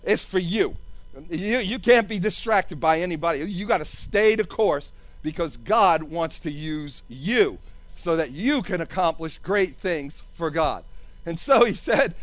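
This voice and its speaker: Fervent high-voiced male preacher. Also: animated, a little slow, fairly bright tone, no room sound. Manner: fervent, sing-song preaching with repeated hallelujahs. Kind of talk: sermon.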